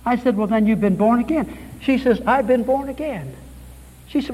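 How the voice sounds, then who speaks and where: Male radio preacher, high voice, storytelling sermon in a hall with long reverb. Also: moderate pace, dark tone, a little hiss or hum. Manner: storytelling, quoting others, rising to fervent peaks. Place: church or hall with pulpit.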